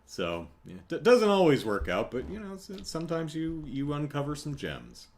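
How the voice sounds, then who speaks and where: A man hosting a solo podcast in a loose, chatty way. He rambles and corrects himself mid-thought. His pitch swings up and down as he tells his stories. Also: normal speed, slight background noise. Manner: rambling, self-correcting, animated storytelling. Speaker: podcast host. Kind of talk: casual solo podcast chat.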